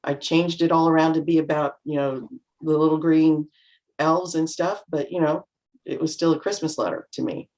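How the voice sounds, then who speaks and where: A middle-aged woman on a video call, chatting reflectively as a panel guest and acting out remarks in lively voices. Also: deep voice, normal speed, highs cut off. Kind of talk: casual chat.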